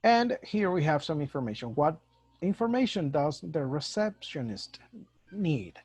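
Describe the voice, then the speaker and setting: Slow-talking male teacher. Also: a little high, very animated, darkish tone, husky, dry recording. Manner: slow, mixes Spanish and English explanations. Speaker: English teacher. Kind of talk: recorded online lesson. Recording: dull dry lo-fi recording.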